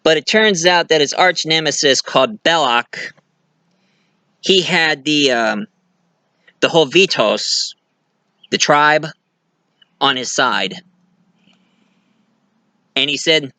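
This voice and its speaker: Male movie reviewer, chatty and rambling, bright voice, dry close sound. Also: on the high side, takes it slowly, long pauses, dry recording. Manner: rambling, chatty, many restarts, laughs at own jokes. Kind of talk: casual film review monologue.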